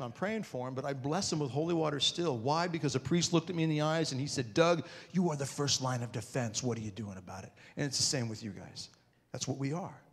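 Animated self-mocking man in a hall. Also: on the high side. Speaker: conference speaker. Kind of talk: humorous personal storytelling talk. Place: large parish hall with an audience. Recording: reverberant hall.

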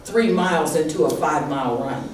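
A woman pastor preaching a sermon with call and response from the congregation, animated and laughing often. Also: deep voice, fairly quick, slight background noise. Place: church sanctuary. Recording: echoey church hall, distant mic.

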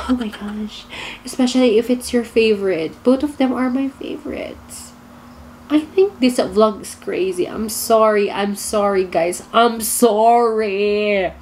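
A woman's voice: mid-range voice, a little slow, a little mellow, a little hiss or hum. A woman with a Filipino accent reacting to pageant gowns in a casual vlog, gushing and torn between favorites, full of exclamations. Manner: gushing, indecisive, lots of exclamations. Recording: music playing behind.

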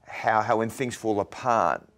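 A man's voice: fairly low pitch, a bit bright. Earnest man telling his story. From Australia. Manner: earnest, halting storytelling, often repeating words. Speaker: evangelist guest. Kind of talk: interview testimony.

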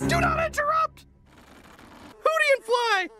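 A shrill, piercingly high male owl-house creature from a cartoon, who yells eager exclamations and hoots between them. He draws his words out slowly, and loud cartoon music plays under him. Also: expressive. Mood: manic excitement. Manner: constant exclamations, punctuated by hooting. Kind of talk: animated cartoon voice acting. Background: loud cartoon score.

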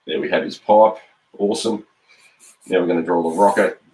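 A man's voice: low voice, normal speed, mellow. A middle-aged man with an Australian accent, a cartoonist chatting playfully while drawing live, with frequent ums. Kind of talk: live-stream drawing chat.

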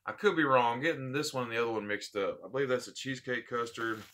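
A man's voice: medium pitch, fast, sharp tone. A man hosting a casual unboxing vlog, heartfelt and rambling, repeating his thanks. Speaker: vape channel host.

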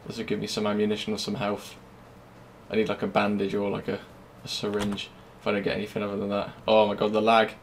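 A young man giving live gameplay commentary, swearing constantly and swinging from low muttering to loud yelling. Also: completely flat delivery, quick pace, slight background noise. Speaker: gamer. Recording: game music playing under the voice.

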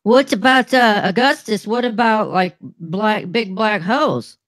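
A man's voice: sits high, measured pace, a bit bright, no echo. A man co-hosting a crude comedy show, brash and mocking, swearing freely. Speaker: co-host.

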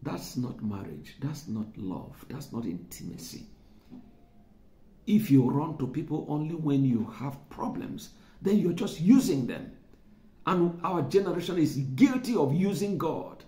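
A man's voice: on the high side, sing-song, measured pace, dark tone, roomy sound. A man preaching a sermon, conversational, repeating words for emphasis and chuckling now and then. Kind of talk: sermon teaching.

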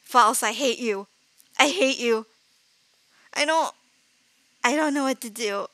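A woman with a high, bright, sharp voice streams a horror game live. She is jumpy and self-mocking, swearing casually and apologizing often. She breaks into nervous laughter and shrieks whenever something frightens her. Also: slow pace, no room sound. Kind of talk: live gameplay commentary.

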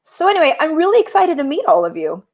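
A woman's voice: high voice, sing-song, fast, voice pushed up. A woman voicing a chirpy, flustered cat counselor. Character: eager nervous male cat camp counselor. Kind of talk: picture-book read-aloud.

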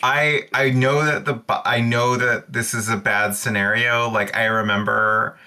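Rambling resigned man with a bright voice. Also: medium pitch, flat delivery, a little slow. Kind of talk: in-character tabletop role-play.

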